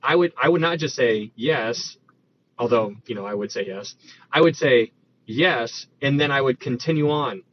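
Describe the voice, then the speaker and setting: A man's voice: mid-range voice, expressive, moderate pace. Man teaching scripture, dull lo-fi sound. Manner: conversational, thinks aloud with restarts, reads verses aloud. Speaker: Bible teacher. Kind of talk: casual Bible study teaching. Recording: dull lo-fi recording with faint noise.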